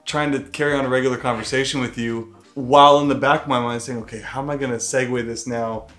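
A young man talking easily with his wife, teasing her with a playful, joking manner. His pitch sits in a normal middle range. Faint music plays softly under him. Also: steady tone, fast talker. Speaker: vlogger telling a story with his wife. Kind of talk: casual chat.

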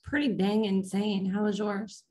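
A woman's voice: mid-range voice, fairly even intonation, a little slow, a little mellow. A woman hosting a racing recap show in a casual live stream, chatting and greeting viewers by name.

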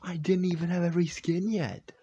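A young man reacting to his own old videos in a hushed, half-whispered voice, incredulous and amused. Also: high voice, level tone, fairly quick, highs cut off, a little hiss or hum. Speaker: YouTuber. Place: home at night.

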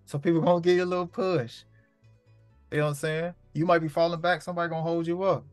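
A man's voice: a little high, level tone, quick pace, no echo, soft background music. A man hosting his own show in a casual, profane monologue full of street slang, preaching and repeating lines for emphasis. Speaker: host.

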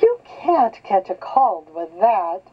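A woman's voice: medium pitch, big pitch swings, slow pace, breathy edge, full character voice. An older woman voicing a cheerful young boy squirrel in a storybook reading, amused and teasing. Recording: slightly dull lo-fi recording.

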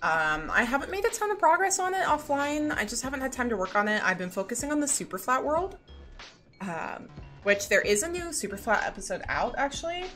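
A young woman streaming a block-building game, chatting casually and greeting her viewers excitedly. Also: high voice, a little fast. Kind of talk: casual live-stream chat. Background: faint background music.

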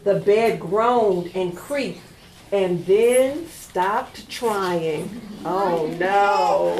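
A woman's voice: medium pitch, very slow, noisy background. A woman reading a picture book aloud at a library storytime, coaxing the children to join in. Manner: sing-song, animated, coaxing kids to join in. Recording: echoey room.

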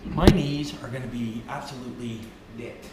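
A man's voice: medium pitch, moderate pace. A Canadian man from Ontario giving casual, rambling commentary while he welds in his workshop. He keeps calling out to the boys and swears freely. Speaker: DIY vlogger. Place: echoey workshop garage. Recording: echoey shop with tool noise.

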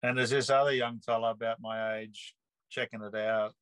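A man's voice: fairly low pitch, moderate pace, smooth, dry recording, low-quality recording. A man in his sixties with an Australian accent, telling a personal story in an interview and acting out the people he quotes. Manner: lively storyteller who acts out the people he quotes.

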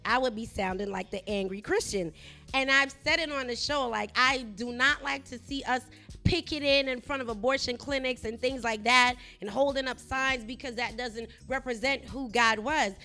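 A middle-aged woman hosts a Christian talk show, recounting a personal faith story with lively, animated storytelling. Her voice is bright and a touch high. Faint music plays underneath. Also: moderate pace. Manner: animated storytelling, rising loud when reenacting herself.

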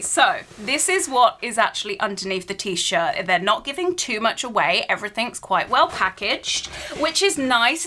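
A woman hosting a bubbly, playful unboxing video, chatting excitedly to her viewers. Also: on the high side, slight background noise. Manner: bubbly, playful, gasps and exclaims.

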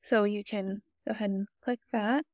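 A woman calmly walking viewers step by step through a software tutorial. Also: mid-range voice, moderate pace, no echo, studio quality. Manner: friendly, explanatory, step-by-step. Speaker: tutorial host. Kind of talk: screen-recorded software tutorial.

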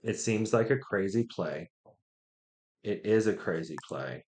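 A man streaming a strategy game, thinking out loud, muttering to himself and trash-talking opponents. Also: on the low side, animated, a little slow. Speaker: gaming streamer. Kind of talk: live gameplay commentary.

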